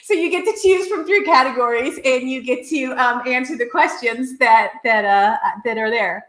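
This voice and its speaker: A woman's voice: sits high, normal speed, fairly bright tone, roomy sound. A woman hosting a casual web show, playful and laughing often. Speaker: show host. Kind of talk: casual chat hosting a game.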